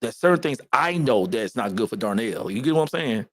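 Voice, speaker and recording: A man co-hosting a relaxed podcast about faith, talking emphatically, circling back over his words as he builds a point. His voice sits in a mid range for a man. The sound is dry and close, with no room around it. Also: medium pitch, brisk, no room sound. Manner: lively, emphatic, often repeats himself. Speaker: podcast co-host. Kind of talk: casual faith podcast chat.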